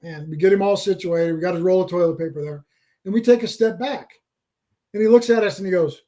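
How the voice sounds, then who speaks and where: Middle-aged guy telling a story on a podcast, animated, repeats himself, high-ish voice. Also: a little fast. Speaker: podcast guest. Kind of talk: casual storytelling.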